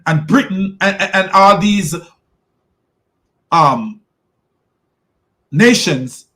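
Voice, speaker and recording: A man hosting a podcast, giving an emphatic, preachy religious commentary, slowing down to stress key words and often repeating himself as he restarts. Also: high-pitched, a bit bright. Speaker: podcast host.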